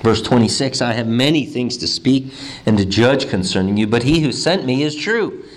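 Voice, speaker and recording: A man, a pastor, preaching a sermon, swinging between quiet low stretches and emphatic high ones, often repeating his first words. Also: animated, normal speed. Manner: repeats words when starting phrases.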